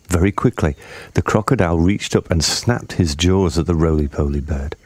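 Deep husky man reading a storybook. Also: moderate pace, no room sound. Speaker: narrator.

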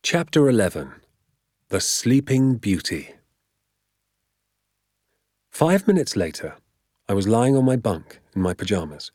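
Measured man narrating a storybook. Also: fairly low pitch, big pitch swings, a little mellow, no echo, studio quality. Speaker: audiobook narrator. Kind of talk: scripted narration.

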